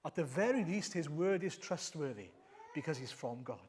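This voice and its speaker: Man, preacher, sermon, emphatic, rhetorical, higher pitch, long echo. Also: animated, normal speed, a little mellow, a little hiss or hum. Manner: emphatic, rhetorical questions, repeats lines. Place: church. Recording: long reverb of a church hall.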